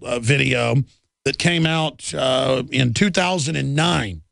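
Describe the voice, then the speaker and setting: A man's voice: a little high, vocal fry, a bit bright, dry recording, clean studio sound. A man hosting a live talk radio show, ranting indignantly about the news and often restarting and repeating words.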